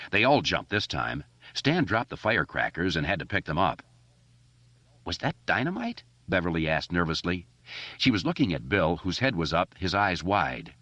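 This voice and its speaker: A man narrating an audiobook in an expressive, steady reading style. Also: low voice, no room sound. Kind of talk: scripted narration. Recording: dry, dull lo-fi recording.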